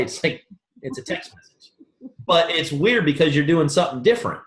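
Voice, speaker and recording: Fairly high-pitched and brisk, a man gives a motivational sales training talk to a room full of people. In animated fashion, he performs both sides of every conversation he recounts. The audio carries a roomy echo.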